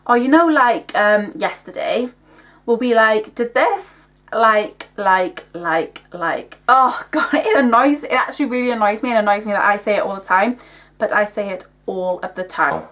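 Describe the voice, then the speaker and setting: A woman's voice: on the high side, moderate pace, fairly bright tone. A young woman from Wales with a Welsh accent, chatting casually in a rambling way, filling her talk with "like". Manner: chatty, rambling, heavy use of "like", laughs often. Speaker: vlogger. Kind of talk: casual chat.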